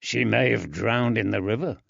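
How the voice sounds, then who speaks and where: A man narrating an audiobook, voicing a plain-spoken, sarcastic constable in a dry, unhurried voice. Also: fairly low pitch, creaky, fairly bright tone, dry recording, exaggerated voice. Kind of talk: audiobook character voice. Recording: dry, slightly dull.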